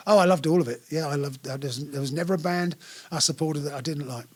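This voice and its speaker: Older man, musician guest, rambling anecdotes, restarts and fillers, fairly high-pitched. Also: fast talker. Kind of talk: relaxed interview chat. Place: small live venue.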